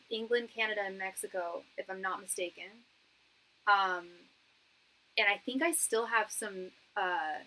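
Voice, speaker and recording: On a rough recording, a woman with a medium-pitched, pushed, bright voice gives a live-stream tarot reading. A tarot reader and psychic medium, she chats in a slangy way, calls viewers "girl" and "hon," and thanks them for their donations.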